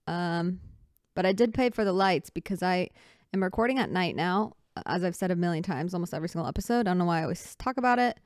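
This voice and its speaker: A woman's voice: medium pitch, no echo, clean studio sound. A woman hosting her own podcast, talking casually and candidly, often correcting herself mid-sentence as she rambles from her couch. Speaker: podcast host. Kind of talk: casual solo podcast chat. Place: indoors on a couch at night.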